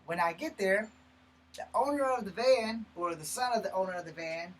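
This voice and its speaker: A man telling a personal story in a blunt, profane, animated way, breaking off and restarting mid-sentence. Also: high-pitched, normal speed, poor audio. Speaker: martial arts channel host. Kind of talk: personal story told to camera.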